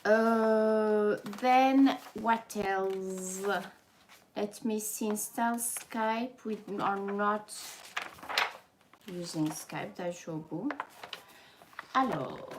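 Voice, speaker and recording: With background noise behind her, this French-accented YouTuber speaks in a mid-range voice, drawing out words and pausing often. She reads a form on her livestream, adding playful comments, dropping in French interjections and laughing frequently.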